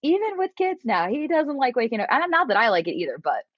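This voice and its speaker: A woman's voice: high-pitched, sing-song, fast, lo-fi sound, noisy background. A woman guest casually telling a story, acting out quotes and laughing often. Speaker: podcast guest.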